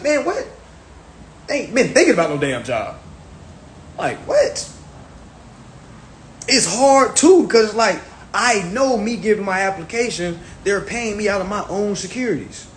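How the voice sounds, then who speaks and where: A man's voice: high-pitched, sing-song, moderate pace. A man talking casually on a livestream, emphatic and profane, often repeating his phrases. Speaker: social media livestreamer. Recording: echoey room with faint background noise.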